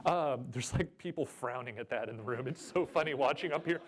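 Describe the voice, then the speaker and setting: A man's voice: medium pitch, a little fast. A man giving a jokey, chatty seminar talk at a convention and asking the audience questions. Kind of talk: live presentation to a room.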